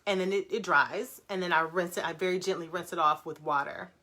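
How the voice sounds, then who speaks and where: A young woman hosting a casual livestream, reading viewer comments aloud and answering them in a fast, animated way with frequent laughter. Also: on the low side. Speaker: brand founder hosting a live Q&A.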